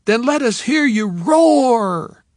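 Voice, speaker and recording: A squad of peppy teenage cheerleaders, put on by a male reader, chanting high and loud to whip up a crowd. Each line rings out in a bright, sing-song call. The voice sits up close in a dry recording. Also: lively intonation, slow pace, no echo, full character voice. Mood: cheering. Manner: chanting, shouting.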